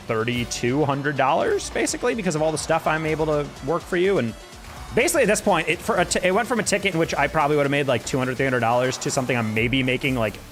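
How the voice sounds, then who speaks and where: A man streaming a game and chatting as he plays, rambling along as he vents. He talks at a quick pace in a mid-range voice, with faint music behind him. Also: medium pitch, fairly bright tone. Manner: rambling, venting, conversational. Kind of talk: casual chat while gaming.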